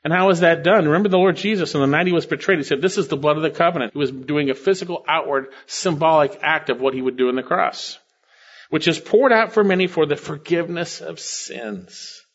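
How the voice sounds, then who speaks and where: An older pastor with a voice on the high side speaks a little fast, the audio sounding dull. His expository sermon works through scripture verses and the meanings of Greek words, breaking into sudden swells of enthusiasm.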